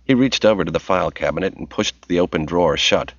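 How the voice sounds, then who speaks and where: Deep-voiced man reading a story. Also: expressive, brisk, hardly any pauses, dry recording, lo-fi sound. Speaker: narrator. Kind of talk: audiobook narration.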